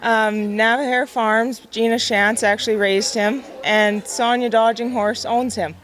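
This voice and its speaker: A young woman, a barrel racer and horse trainer, answering in an emotional, modest, halting way. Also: on the high side, fairly even intonation, fairly bright tone. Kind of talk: casual interview answers.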